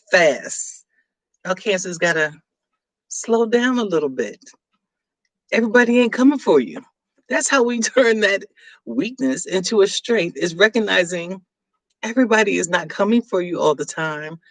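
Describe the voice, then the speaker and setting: A woman's voice: medium pitch, no room sound. A chatty, teasing middle-aged woman hosting a live stream and reading viewer comments aloud. Her close, dry voice sits right against the mic with no room sound, and she laughs often between remarks.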